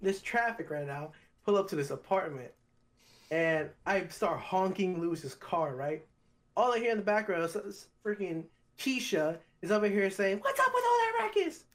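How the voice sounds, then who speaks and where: A young man, a podcast co-host, telling a story in casual chat and acting out the quotes. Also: moderate pace. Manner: animated storyteller, acts out quotes in high voice.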